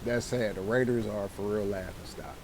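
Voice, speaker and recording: A man's voice: lowish voice, fairly even intonation, moderate pace, darkish tone, rough recording. A man co-hosting a casual sports podcast, teasing dryly and stammering as he starts his points. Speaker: podcast co-host.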